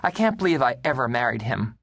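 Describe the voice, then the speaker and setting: A woman's voice: very deep voice, big pitch swings, a little fast, creaky, no echo, studio quality, heavily acted. A woman voicing a brash, boozy woman in a bar in an audiobook memoir, blunt and teasing.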